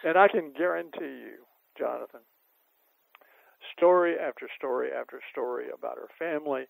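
An older man tells rambling anecdotes as a guest on an interview, with many fillers and chuckles. His voice is very gravelly at a middling pitch. The recording is dry and close. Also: no echo, rough recording. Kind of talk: anecdotal storytelling.

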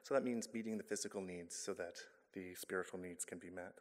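A man speaks to a congregation in a fairly low voice. His talk is earnest and conversational, with the odd stumble and self-correction, and it rings through a church hall with a long reverb. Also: fairly even intonation, a little fast. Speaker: guest speaker, charity director. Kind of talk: church talk with personal story. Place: church sanctuary.

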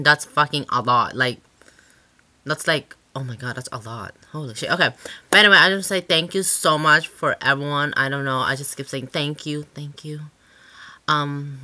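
A woman's voice: deep voice, bright, forceful tone. A woman hosting her own channel in a casual vlog chat, rambling and sassy, swearing freely with lots of filler words. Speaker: channel host.

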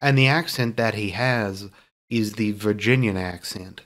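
A man's voice: fairly low pitch, a little slow, a bit bright. A man giving a casual, opinionated film review, rambling with many fillers and restarts and turning sarcastic at times. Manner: sarcastic when mocking views he dislikes.

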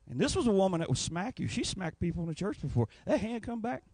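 Animated, folksy male preacher. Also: high voice, quick pace, few pauses, husky, no room sound. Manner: animated, folksy storytelling with acted voices. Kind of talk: Pentecostal revival sermon.

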